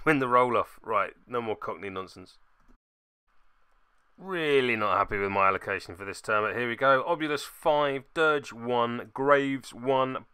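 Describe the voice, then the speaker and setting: A man's voice: mid-range voice, sharp tone, smooth, no room sound, clean studio sound. A man narrating a tabletop miniatures game turn by turn, with wry, self-deprecating asides.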